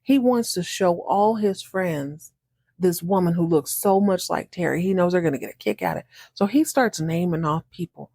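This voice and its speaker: A woman talks through a TV episode with lively, chatty energy. She slips into playful voices for the characters and laughs as she goes. The sound is close and dry, with no room echo. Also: fairly low pitch, moderate pace. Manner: animated, acts out characters' lines in shifting voices; laughs often. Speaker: podcast host recapping a TV episode. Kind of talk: casual recap monologue.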